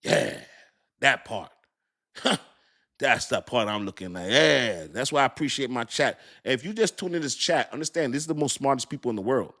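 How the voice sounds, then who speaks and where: A man's voice: medium pitch, animated, normal speed, bright, forceful tone. A man hosting a crypto livestream, chatting loosely with his viewers, reading their comments, joking and laughing often, searching aloud for words.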